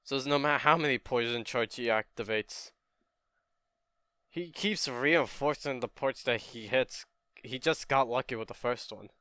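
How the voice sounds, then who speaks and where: A man's voice: mid-range voice, normal speed, bright, forceful tone, clear, resonant tone, dry recording, studio quality. A young man casually retelling a fan story, laid-back and chatty.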